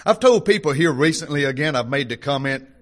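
In a church hall, an older man preaches to his congregation in a folksy, conversational style packed with rhetorical questions. His voice is on the high side, expressive, brisk, and a bit bright.

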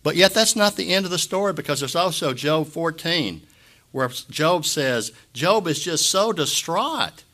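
A man pastor giving an impromptu sermon, earnest and emotional, halting often to clear his throat. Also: on the high side, animated, pushed and bright.

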